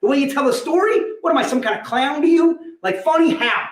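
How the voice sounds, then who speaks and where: A man's voice: very high-pitched, lively intonation, a little fast, echoey room, pitched above the performer's own voice. A man doing a touchy gangster tough guy. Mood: menacing. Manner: menacing, repetitive questioning.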